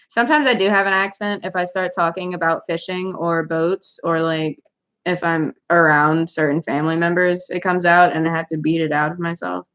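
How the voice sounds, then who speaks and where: A woman's voice: fairly low pitch, steady tone, normal speed, a bit bright, clear, resonant tone. Chatty young woman livestreaming. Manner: chatty, laid-back, answers viewer comments. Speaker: livestream host, writer. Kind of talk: casual livestream chat.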